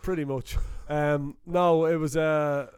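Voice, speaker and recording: A man's voice: on the high side, steady tone, slow pace, a little mellow, clean tone, no echo, studio quality. A man, casually chatting as a podcast host and telling stories with lots of fillers. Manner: chatty storyteller, many fillers, laughs easily. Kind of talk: casual chat.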